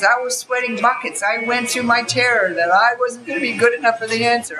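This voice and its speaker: An older woman, a spiritual elder, telling stories in an earnest way, laughing often and quoting herself in lively voices. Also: on the high side, low-quality recording. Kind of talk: reflective storytelling. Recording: loud music behind the voice.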